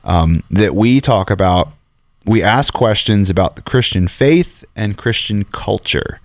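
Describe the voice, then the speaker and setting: A man hosting a casual faith podcast, playful and quick to laugh. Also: on the low side, dry recording, clean studio sound. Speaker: radio host and podcast co-host. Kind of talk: casual chat.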